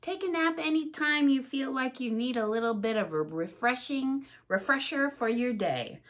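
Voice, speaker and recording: A woman pastor reading a picture book aloud to children in a playful, animated way. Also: sits high, normal speed.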